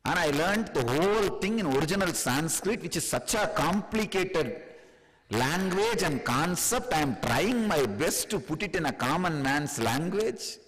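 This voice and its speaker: A man from India with an Indian accent giving a spiritual discourse, chuckling often and speaking in an animated, teasing way. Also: a little high, measured pace, big-room sound, rough recording. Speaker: spiritual teacher.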